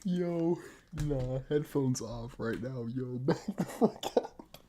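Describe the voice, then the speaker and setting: A stream co-host chats casually at an unhurried pace. The co-host laughs often, swears and keeps saying "yo". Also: mid-range voice, warm tone. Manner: laughs a lot, swears, says "yo". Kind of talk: casual livestream chat.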